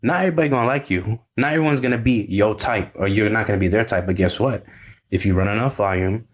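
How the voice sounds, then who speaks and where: A man's voice: fairly low pitch, fast. A man working as a dating coach, talking in a brash, emphatic, streetwise way in a casual podcast chat. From from overseas.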